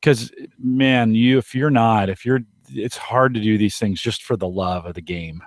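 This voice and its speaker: A laid-back man co-hosts a podcast in casual conversation. His voice sits a bit low. The sound is dry and close, with no room echo. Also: fairly even intonation, normal speed. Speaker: podcast co-host.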